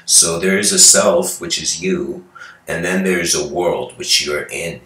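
A man's voice: low voice, steady tone, a little slow, fairly bright tone. A man giving a casual spiritual lecture, telling stories in a loose, conversational way with asides to his listeners. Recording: roomy echo.

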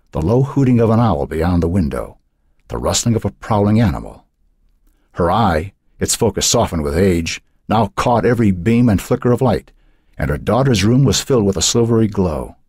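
A man narrating a horror novel in a measured, dramatic way. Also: low voice, breathy edge, dry recording, studio quality. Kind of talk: audiobook narration.

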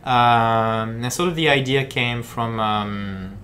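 A man speaking as a game designer, giving chatty, halting live-stream commentary while he plays, full of fillers and repeated words. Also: mid-range voice, fairly bright tone, a little hiss or hum. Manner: chatty and jokey.

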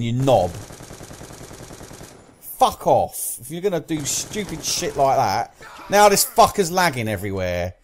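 A man's voice: medium pitch, big pitch swings, measured pace, long pauses, a little hiss or hum. A young British man commentating his own gameplay, swearing constantly and raging at other players. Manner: swears constantly, rages at teammates and enemies. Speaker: gaming commentator.

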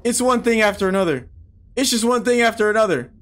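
A man playing a video game and commenting as he goes, swearing and yelling at the game, animated and quick to get angry. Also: high voice. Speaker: gaming video host. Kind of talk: let's play commentary.

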